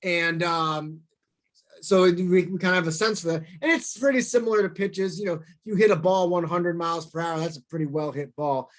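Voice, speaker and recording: A man from St. Louis giving a storytelling talk, animated and self-deprecating, acting out quoted lines in bursts. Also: sits high, a little fast. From St. Louis, USA.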